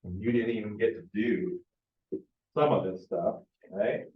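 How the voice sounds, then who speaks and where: Low-voiced man leading a workshop. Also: fairly even intonation, a little slow. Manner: conversational, keeps checking in with the group. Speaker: business planning workshop presenter. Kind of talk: informal classroom lecture. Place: meeting room with a live audience. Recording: echoey lo-fi room recording.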